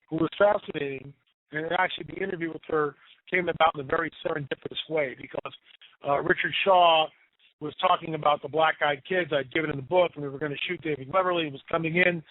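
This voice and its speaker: Guy on a phone line telling creepy stories for a radio show, slightly high voice, keeps repeating stuff for effect. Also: dry recording. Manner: animated, tells spooky stories with emphatic repetition. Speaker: radio guest storyteller. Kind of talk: casual storytelling on talk radio. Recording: tinny phone line, dry.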